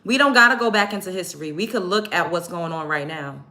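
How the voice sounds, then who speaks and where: Blunt, profane woman with a bright voice. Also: on the low side, fast talker. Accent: African American English. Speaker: vlogger. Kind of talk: get-ready-with-me rant to camera.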